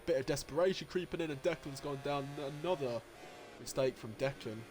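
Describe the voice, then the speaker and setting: A man giving live commentary on an online motorcycle race, getting excitable and jumping high at the overtakes, with race engine noise behind him. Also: fairly quick. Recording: noisy with engine sounds behind. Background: racing game engine noise.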